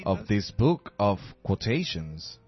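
A man preaching a sermon slowly and emphatically, repeating key phrases. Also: lowish voice, very animated, husky, faint music behind. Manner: slow emphatic preaching with repetition. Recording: dull lo-fi sermon recording.

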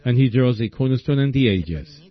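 A man preaching a sermon in a slow, folksy storytelling way, often asking his listeners "see?". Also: medium pitch, animated. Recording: dull lo-fi recording.

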